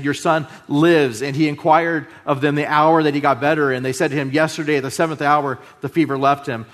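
A man preaching a sermon, moving between loud emphasis and hushed, drawn-out phrases. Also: on the high side. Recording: long hall reverb.

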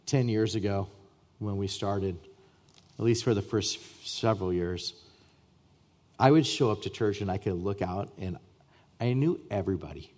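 A man pastor preaching a sermon to his church, emphatic, with repeated starts and swings between loud and soft. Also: fairly low pitch, normal speed, pauses often. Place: church sanctuary.

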